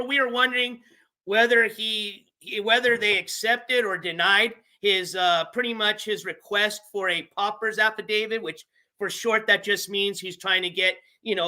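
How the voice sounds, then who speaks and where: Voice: medium pitch, bright, forceful tone. A livestream host reading court papers aloud in a casual, chatty way, stopping to explain the legal wording and thanking channel members by name.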